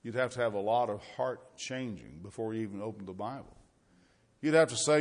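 A man preaching a sermon, reading scripture loudly and dropping low for asides and rhetorical questions. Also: lively intonation, brisk.

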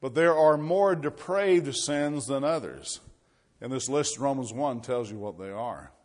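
A man preaching a sermon, reading scripture loudly and dropping low for asides and rhetorical questions. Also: lively intonation, measured pace.

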